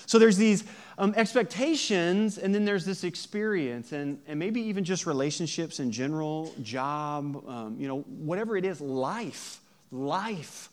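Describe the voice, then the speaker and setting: A man's voice: on the high side, a little slow. A man in his thirties, a pastor, giving a sermon and telling a funny family story with laughter. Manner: lively storytelling, laughs often, acts out voices.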